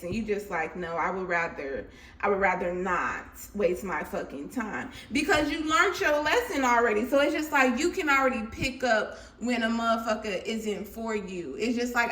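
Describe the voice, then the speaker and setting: A woman giving a casual, animated tarot reading to her viewers, laughing often and swinging between loud and low. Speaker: tarot reader. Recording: echoey room.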